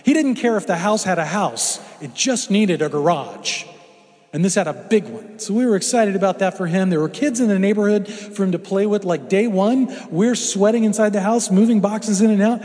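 A man's voice: high-pitched, darkish tone. A middle-aged man from Houston preaching a folksy, humorous storytelling sermon in a church. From Houston, Texas. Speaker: guest preacher. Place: church sanctuary. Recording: long hall reverb.

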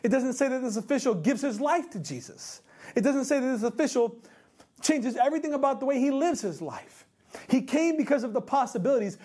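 A pastor preaching a sermon, emphatic, repeating rhetorical questions and slowing down for key points. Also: medium pitch, warm tone, breathy edge.

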